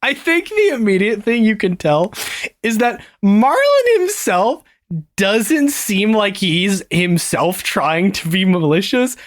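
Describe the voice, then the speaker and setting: Giggly high-voiced man running a tabletop game. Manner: laughs often, many fillers. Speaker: game master.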